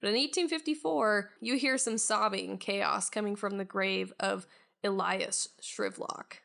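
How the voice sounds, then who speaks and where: A woman's voice: mid-range voice, fairly even intonation, a little slow, creaky, fairly bright tone. A woman narrating as game master of a tabletop game, in a casual, laughing way.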